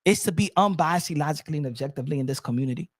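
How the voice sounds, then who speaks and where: A man hosting his own boxing channel, telling stories in a rambling, animated casual chat full of restarts. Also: fairly high pitch, very fast.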